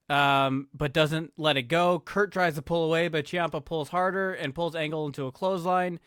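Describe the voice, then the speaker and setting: Podcast host, laid-back narrator, slightly high voice, crisp and dry. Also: male voice, a bit bright, dry recording. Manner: laid-back, stumbles and self-corrects, self-deprecating. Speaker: podcast host narrating booked wrestling segments. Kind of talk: casual narration of wrestling scenarios.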